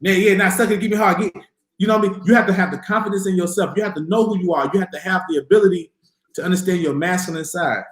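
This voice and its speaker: A man with a high voice hosting a casual livestream, talking in loose, profane bursts and acting out what he and others said. The sound is echoey, like a bare room. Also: fast talker. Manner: profane, animated storytelling with voiced quotes. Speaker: livestream host answering viewer questions.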